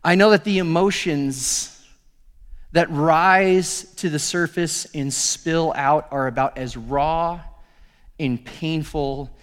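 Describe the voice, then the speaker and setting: A male pastor giving a sermon, telling the story with animated acted-out dialogue. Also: a little high, slow pace, clear, resonant tone, in a large hall.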